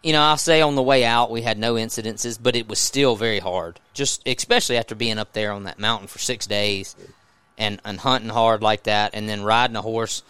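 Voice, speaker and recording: A man with a Southern US accent, a podcast host telling a story in a casual, animated way, often restarting his sentences. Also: fairly low pitch, brisk, clear, resonant tone, no echo.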